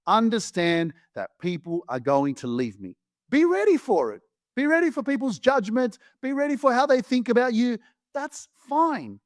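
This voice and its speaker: A man's voice: high voice, dry recording, clean studio sound. A man hosting a motivational podcast, talking bluntly and emphatically, swearing freely. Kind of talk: motivational monologue.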